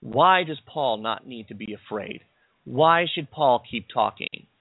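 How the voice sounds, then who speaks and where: A man's voice: mid-range voice, expressive, unhurried, dry recording. Guy preaching a sermon, lots of questions to the crowd, tinny phone-ish sound, dry. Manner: explanatory, asks the listeners rhetorical questions.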